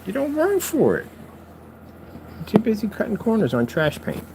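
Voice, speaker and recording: A man taunts his detractors in a loose, unscripted channel rant, preaching and mocking by turns. His pitch swings widely from low grumbles to high jeers. A faint noise sits under the recording. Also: wildly swooping pitch, moderate pace, vocal fry. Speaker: channel host. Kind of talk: ranting vlog talk to critics.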